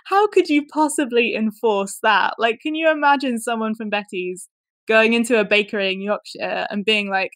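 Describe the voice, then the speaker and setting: A woman's voice: mid-range voice, moderate pace, a bit bright, no echo, clean studio sound. A young woman co-hosting a podcast in casual chat, laughing often as she talks. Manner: giggly, laughs often, chatty. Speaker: podcast co-host.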